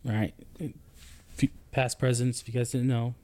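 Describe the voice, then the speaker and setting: A man in his thirties chatting on a podcast about army life. He tells his story with animation, and his pitch jumps when he turns indignant. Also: flat delivery, moderate pace, dark tone. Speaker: podcast co-host, army soldier. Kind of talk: casual podcast chat.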